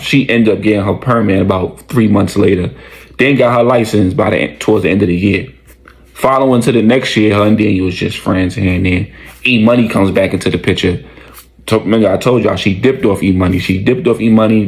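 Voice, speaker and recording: Gravelly, lowish male voice, casual slangy storyteller. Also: brisk, rough recording. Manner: slangy, conversational, animated retelling.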